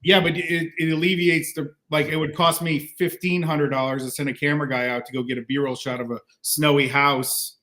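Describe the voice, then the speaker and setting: A man's voice: a little high, flat delivery, fairly quick, hardly any pauses, sharp tone. A man in casual panel chat, musing and theorizing, often restarting his sentences.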